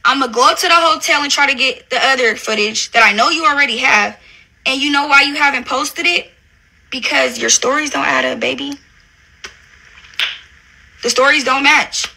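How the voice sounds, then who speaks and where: A woman's voice: high-pitched, moderate pace, creaky, pauses often, pushed and bright, poor audio. A young woman, ranting angrily and profanely at a rival in a confrontational, taunting social media video. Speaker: reality show cast member. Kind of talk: angry social media rant.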